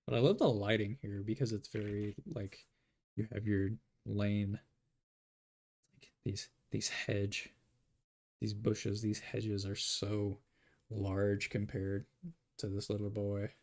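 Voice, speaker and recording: A man's voice: on the low side, flat delivery, slow pace, vocal fry, long pauses, darkish tone. A man talking to himself in a rambling way as he draws, giving casual commentary. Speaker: artist.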